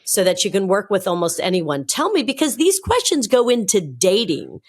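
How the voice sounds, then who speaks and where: A woman's voice: mid-range voice, very animated, moderate pace. A woman hosting a podcast interview, chatting eagerly and heaping praise on her guest. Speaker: podcast host.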